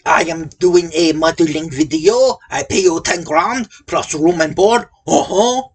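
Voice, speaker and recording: A woman voicing a smooth-talking French man who pitches a job offer in a mock French accent, slick and breezy. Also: lively intonation, unhurried, full character voice. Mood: smarmy.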